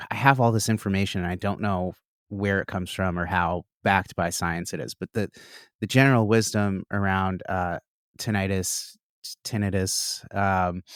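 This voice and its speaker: A man's voice: fairly low pitch, clean tone, dry recording, clean studio sound. A man co-hosting a podcast as its producer, easygoing and chiming in with asides and brief agreement. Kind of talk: casual chat.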